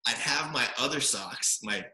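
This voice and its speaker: A man in his forties from Hawaii, a podcast guest telling stories in a lively, casual way, full of fillers and "right?" tags. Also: medium pitch, moderate pace. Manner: animated storyteller, many fillers and tag questions. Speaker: podcast guest, former quarterback. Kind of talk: storytelling in a casual interview. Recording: roomy echo.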